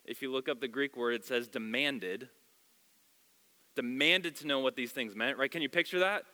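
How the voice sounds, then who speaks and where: Male pastor, sermon, expressive storytelling, bright forceful tone, long church hall reverb. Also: medium pitch, moderate pace. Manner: expressive storytelling, shifting loud and soft.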